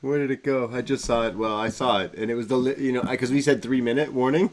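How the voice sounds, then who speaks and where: A man's voice: mid-range voice, steady tone, quick pace. A man co-hosting a live podcast stream, chatting casually and joking with frequent laughter. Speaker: podcast co-host.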